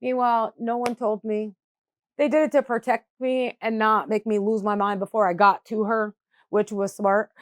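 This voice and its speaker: A middle-aged woman from New York State tells her family's story on camera for a documentary. She talks candidly, in everyday words, leaning on "like" and "you know". Her voice sits at a medium pitch in a dry, close recording. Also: fairly even intonation, moderate pace, no echo. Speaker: mother of a crash victim. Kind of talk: documentary interview.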